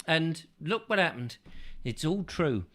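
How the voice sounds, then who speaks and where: Bright-voiced rambling joker host. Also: male voice, on the high side, big pitch swings, measured pace. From England. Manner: rambling, jokey asides. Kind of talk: casual chat.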